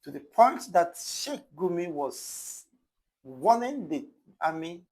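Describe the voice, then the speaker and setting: A man presenting a news commentary. His voice is husky and slightly high for a man. He speaks deliberately, leaning hard on key words as he explains. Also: sing-song, darkish tone, low-quality recording. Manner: deliberate, emphatic, explains terms. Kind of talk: commentary monologue.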